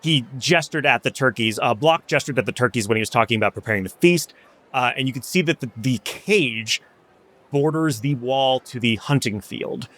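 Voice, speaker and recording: A man's voice: medium pitch, normal speed, a bit bright. A man narrating a tabletop game as game master, loose and rambling.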